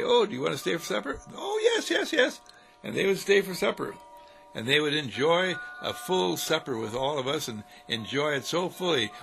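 Male inspirational preacher, gravelly fry, chuckling and repetitive, with soft music underneath. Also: medium pitch. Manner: repetitive, chuckling, sing-song cadence. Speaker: spiritual speaker. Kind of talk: inspirational sermon. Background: faint music.

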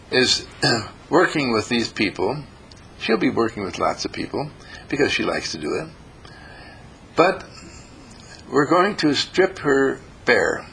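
A man giving a spiritual teaching talk in a slow, emphatic and repetitive way. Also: medium pitch, gravelly, fairly bright tone, slight background noise, low-quality recording.

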